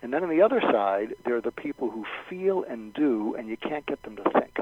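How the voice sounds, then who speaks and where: As a radio talk show guest, a man gives step-by-step advice and acts out sample lines of dialogue. He speaks fairly quickly with lively intonation and no echo, over dull, low-fidelity radio sound.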